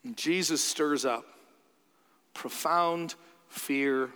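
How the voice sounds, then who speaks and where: A man's voice: on the high side, very slow, clean tone. Man preaching in a reverberant hall. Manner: conversational, animated, acts out quoted voices. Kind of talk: sermon.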